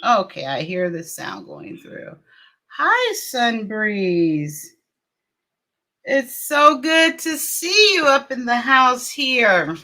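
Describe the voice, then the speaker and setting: A woman's voice: on the high side, big pitch swings, extremely slow, sharp tone. A middle-aged woman hosting a casual livestream, chatting and greeting viewers by name with frequent laughs. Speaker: livestream host.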